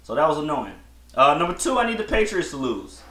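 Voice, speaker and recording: A man's voice: on the high side, sing-song, fairly quick, bright, forceful tone, slight background noise. A man hosting a solo podcast, giving blunt, slangy opinions in a rambling casual chat with many restarts. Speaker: podcast host. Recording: echoey room.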